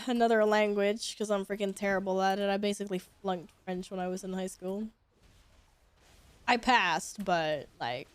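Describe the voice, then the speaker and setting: A woman's voice: medium pitch, smooth, dry recording. A young woman streaming a game, chatting casually with her viewers and swearing now and then. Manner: chatty, talking to chat while playing, swears casually. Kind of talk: casual gameplay commentary.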